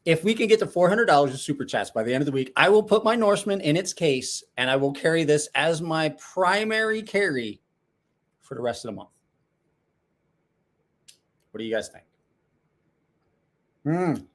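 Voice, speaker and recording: A man's voice: on the high side, expressive, moderate pace, long pauses, a bit bright. A man hosting a casual livestream, chatting and rambling with frequent restarts and asides. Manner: rambling, self-correcting, chatty. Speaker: livestream host.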